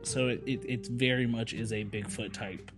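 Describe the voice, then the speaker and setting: A man's voice: mid-range voice, fairly even intonation, normal speed, over music. A man co-hosting a podcast in casual chat, rambling and joking with lots of fillers. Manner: rambling, jokey, many fillers. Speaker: podcast co-host.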